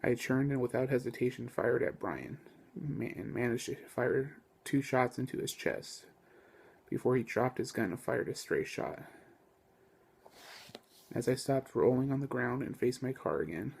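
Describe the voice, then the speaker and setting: A man reads his own first-person novel aloud at an even pace. His voice is gravelly and husky, mid-pitched for a man, and he keeps the storytelling steady. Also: a little slow. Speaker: author reading his book.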